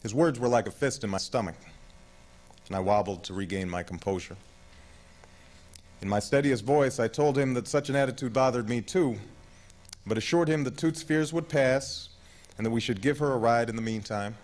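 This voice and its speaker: A man in his thirties narrating his own memoir as an audiobook, in a measured, reflective way. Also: medium pitch, darkish tone, poor audio. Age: 30s.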